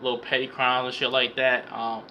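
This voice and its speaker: A man's voice: medium pitch, level tone, normal speed, highs cut off, slight background noise. A young man recapping a film for his vlog in a rambling, profane way, stammering and repeating words as he goes. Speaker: vlogger reviewing a film. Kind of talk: casual profane comedic movie recap.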